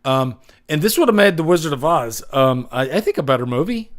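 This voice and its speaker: A man's voice: fairly high pitch, animated, fairly quick. A man hosting a casual livestream, rambling and chuckling often as he reads out jokes. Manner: wanders between loud and hushed. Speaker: livestream host. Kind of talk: casual live chat.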